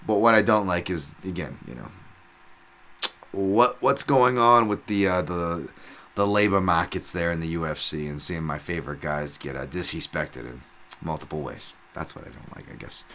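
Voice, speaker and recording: Low-voiced guy with a sharp edge doing his podcast, swears a lot, rambles, gets loud. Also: moderate pace. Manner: rambling and profane, fillers and restarts, flares up loud when excited. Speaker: podcast host. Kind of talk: casual podcast talk.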